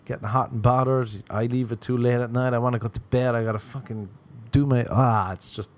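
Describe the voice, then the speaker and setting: A man's voice: mid-range voice, fairly even intonation, fairly quick, a little mellow. A young man hosting a solo podcast, riffing sardonically with frequent swearing and self-mockery. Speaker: podcast host. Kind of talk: solo comedic podcast rant. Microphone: podcast microphone.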